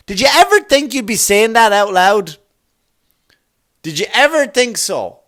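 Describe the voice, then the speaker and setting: A middle-aged man, a comedian hosting his podcast, rambling through a comic monologue full of swearing and quick put-on voices. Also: fairly high pitch. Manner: swearing, animated, jumps into quick voices for bits.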